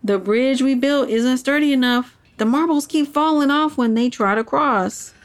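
A woman voicing an excitable young friend in a children's audio story. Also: high-pitched, normal speed, voice pushed up, lightly acted. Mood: excited. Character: eager young friend of the hero.

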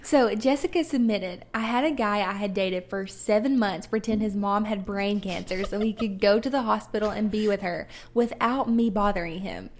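A woman's voice: mid-range voice, moderate pace, hardly any pauses. A young woman co-hosting a casual podcast, giggly and playful as she reads stories. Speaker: podcast co-host. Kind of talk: casual chat.

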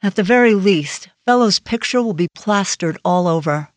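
A woman's voice: medium pitch, expressive, moderate pace, no room sound, close to an everyday voice. Woman voicing tough FBI agent, clipped, blunt, audiobook, dry close sound. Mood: brusque. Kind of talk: audiobook character voice.

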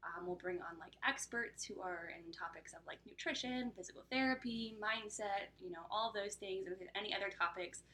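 Bright-voiced chatty young woman. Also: mid-range voice. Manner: chatty, heavy use of "like", quick laughs. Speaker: podcast co-host. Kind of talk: casual chat.

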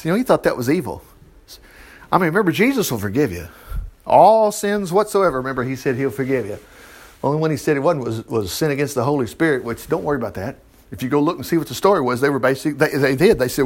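In a quick, animated voice on the high side, a male preacher delivers a folksy Bible teaching. He reads the story casually, chuckling and giving each quoted person their own voice.

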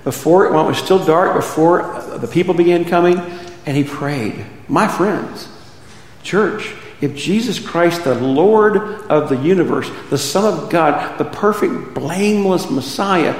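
A middle-aged male pastor preaching a conversational sermon, peppered with rhetorical questions to his congregation. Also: on the high side. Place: church sanctuary. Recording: echoey hall reverb.

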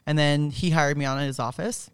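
A woman's voice: low-pitched, steady tone, fairly quick, clear, resonant tone, dry recording, clean studio sound. A woman in her thirties, a guest in a casual interview, who laughs often, swears freely and acts out voices in her stories.

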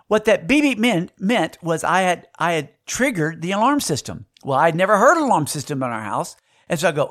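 Middle-aged male pastor, high lively voice, acts out his stories. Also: a little fast. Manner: animated storyteller, acts out sounds and voices. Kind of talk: sermon with storytelling.

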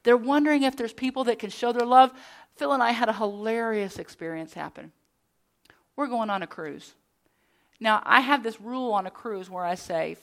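A woman's voice: on the high side, moderate pace, a bit bright. A middle-aged woman preaching a sermon as a pastor's wife, earnest, with storytelling and conversational asides.

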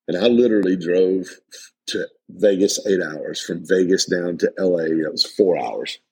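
A man's voice: deep voice, normal speed, a little mellow, husky, rough recording. A middle-aged man hosting a motivational podcast, talking earnestly and emphatically with many restarts. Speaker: life coach and podcast host.

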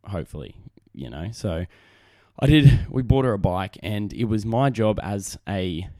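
A young Australian podcast host speaks with a fairly low, mellow voice, lively intonation, and a slightly slow pace. On his casual solo show he rambles and puts himself down, restarting often and leaning on fillers. The desk mic on camera yields a dry, clean studio sound.

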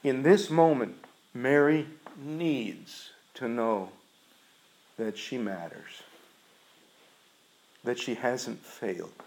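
Earnest, unhurried male preacher. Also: mid-range voice, darkish tone, rough recording. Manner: earnest, emphatic storytelling. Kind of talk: sermon.

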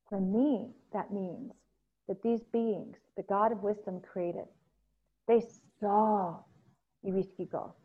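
A woman telling a myth alongside her own story, reflective and slow, pausing often. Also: mid-range voice, breathy edge. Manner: slow, reflective, with pauses and fillers. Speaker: speaker sharing a personal story. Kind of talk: reflective personal storytelling talk. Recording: phone-like narrow sound.

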